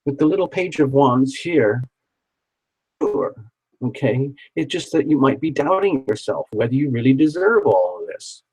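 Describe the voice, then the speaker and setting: A man's voice: mid-range voice, expressive, moderate pace, darkish tone, husky, rough recording. A man doing a live tarot reading, chatty and encouraging, who repeats words for emphasis. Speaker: tarot reader.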